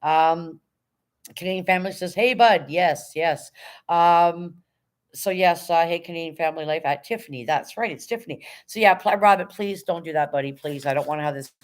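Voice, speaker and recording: A woman's voice: lowish voice, normal speed. A woman hosting a casual livestream, firmly but politely moderating her chat and reading messages aloud. She sounds tired. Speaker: livestream host.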